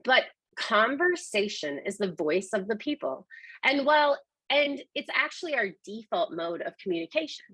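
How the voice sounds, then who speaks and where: A woman's voice: fairly high pitch, big pitch swings, moderate pace, sharp tone, slightly rough, no room sound, rough recording. A woman presenting a webinar on conversation design, explaining points with emphasis. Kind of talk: scripted presentation.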